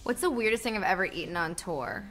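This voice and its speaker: A young woman from New Jersey livestreams a game and chats easily with her viewers. Her bright voice moves quickly through playful asides and answers to their questions. A faint hiss sits under her talk. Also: fairly low pitch, expressive. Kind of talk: casual chat while gaming and reading chat.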